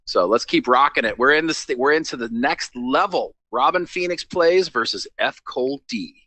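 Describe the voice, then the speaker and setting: A man's voice: mid-range voice, normal speed. A man co-hosting a casual comedy show, telling game matchups as stories, teasing his partner and moving the show along. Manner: animated storyteller, teasing, moves the show along. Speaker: co-host.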